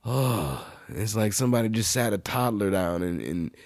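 A low-voiced man delivering a profane, animated monologue in loose, casual speech. The sound is close and dry, with no room echo. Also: normal speed. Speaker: podcast host.

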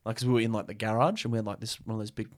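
A man's voice: fairly low pitch, level tone, very fast, no room sound. A young man telling a story in casual chat, full of swearing and filler words.

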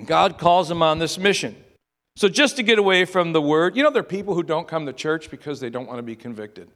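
A man's voice: on the high side, animated, a little fast, fairly bright tone, in a large hall. A male preacher delivering a sermon in a conversational way, repeating words and asking rhetorical questions.

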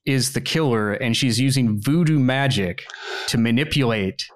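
A man in a podcast chat who eagerly cuts in to share another story from his video comments. He speaks at an ordinary middle pitch. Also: normal speed. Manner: eager, jumps in to add a story. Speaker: content creator, podcast guest. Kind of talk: casual chat.

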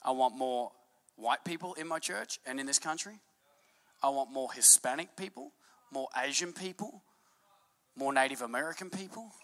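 A man preaching a sermon to his congregation, swinging between hushed asides and loud, fervent peaks. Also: a little high, animated, moderate pace. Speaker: pastor.

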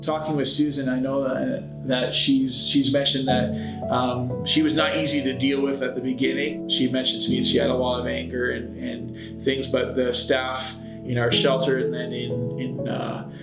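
A man, a shelter program manager, speaking in a measured, hesitant way in a documentary interview. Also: mid-range voice, little pitch movement, creaky. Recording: roomy with guitar music over it.

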